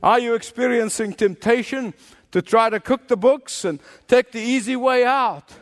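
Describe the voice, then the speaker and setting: A pastor delivering an impassioned sermon in a high-pitched male voice. He presses the congregation with rhetorical questions. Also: normal speed, big-room sound.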